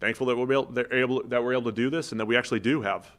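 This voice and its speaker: A man's voice: medium pitch, steady tone, very fast, fairly bright tone. A man co-hosting a sports podcast in casual, joking chat, rambling with restarts. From Massachusetts. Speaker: podcast co-host. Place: podcast studio.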